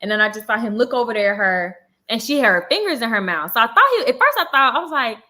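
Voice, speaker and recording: A woman's voice: fairly high pitch, expressive, quick pace, hardly any pauses, pushed and bright. A young woman, chatting casually on a live vlog and animatedly acting out quotes in a storytime. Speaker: vlogger on a live chat.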